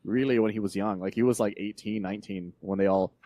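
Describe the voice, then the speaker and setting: A man's voice: fairly low pitch, steady tone, quick pace, warm tone, no room sound. A man co-hosting a casual comics podcast, talking in a rambling way with frequent laughs and restarts. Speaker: podcast co-host. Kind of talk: casual chat about comics.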